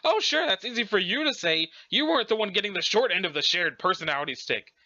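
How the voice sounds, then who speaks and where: A brash, boastful ghost troll girl, as a male reader plays her, swearing freely. The voice is high and bright, recorded a little dull and lo-fi. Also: animated, fast, full character voice.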